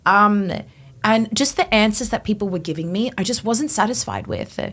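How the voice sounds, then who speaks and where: A woman in her twenties, a podcast guest, telling her personal testimony in an animated way, acting out her past thoughts. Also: mid-range voice, normal speed. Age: 20s.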